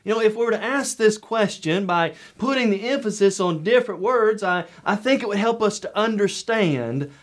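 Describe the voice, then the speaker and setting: A man preaching a televised sermon lesson, measured and emphatic, with repeated rhetorical questions. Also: high-pitched, expressive.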